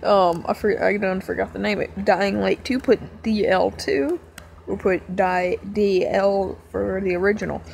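Woman gaming vlogger, strained worn-out voice, slow and rambling, laughs at herself, faint noise behind. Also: medium pitch, steady tone, creaky, a little mellow. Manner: giggly, rambling, self-mocking. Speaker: gaming channel host. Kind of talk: casual talk to fans.

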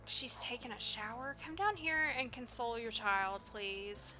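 A woman's voice: a little high, lively intonation, unhurried, bright, forceful tone, soft background music. A woman doing casual gameplay commentary, reacting with dismay and talking to the characters on screen. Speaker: let's play host.

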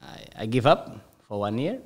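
A man, a podcast guest telling a childhood football story in halting English with many self-corrections. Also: lowish voice, very animated. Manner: halting non-native English, lots of self-repair. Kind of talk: casual storytelling.

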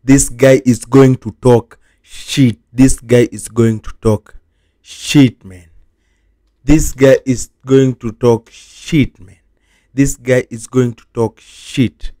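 A man's voice: mid-range voice, steady tone, slow, mellow. A man vlogging a repetitive reaction rant, sounding exasperated and repeating the same phrases over and over. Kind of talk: repetitive ranting vlog reaction.

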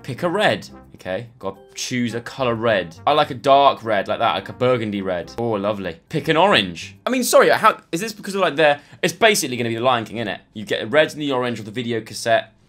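A man's voice: medium pitch, expressive, quick pace, hardly any pauses, a bit bright. Young man, casual self-mocking quiz commentary, light music bed behind. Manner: chatty, self-mocking, thinks aloud. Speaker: YouTuber. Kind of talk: casual commentary playing online quizzes.

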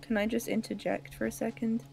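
A woman playing in a tabletop game, teasing and quick to laugh. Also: on the high side, little pitch movement, creaky, darkish tone, faint music behind. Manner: teasing, laughing between lines. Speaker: player.

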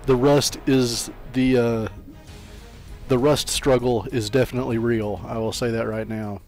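A man's voice: medium pitch, flat delivery, unhurried, darkish tone, faint music behind. A man giving casual, rambling commentary while playing a video game, hyping up his team with trash talk. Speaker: let's play gamer.

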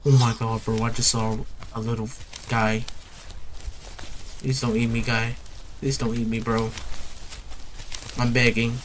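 A man's voice: medium pitch, little pitch movement, measured pace, pauses often, noisy background. A young man giving casual horror game commentary, nervous and jittery, repeating himself and tacking "bro" onto his lines. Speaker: gaming YouTuber.

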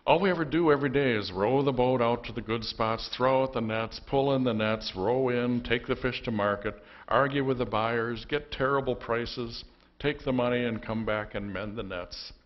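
A man's voice: mid-range voice, moderate pace, lo-fi sound, close to an everyday voice. A man voicing James, a restless young fisherman who grumbles about his daily routine. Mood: fed up. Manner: grumbling, exasperated listing.

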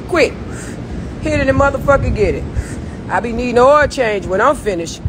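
Lady going off on a late night phone live, highish voice, cussing nonstop, loud traffic behind. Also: animated, normal speed. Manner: profane, confrontational ranting. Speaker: social media personality. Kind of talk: late-night livestream rant.

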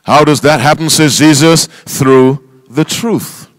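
A man's voice: a little high, takes it slowly, dry recording. A male pastor preaching a sermon, quizzing his congregation with call-and-response questions and reading scripture aloud with emphasis. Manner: reads scripture aloud in King James wording; emphatic, spells out words for stress.

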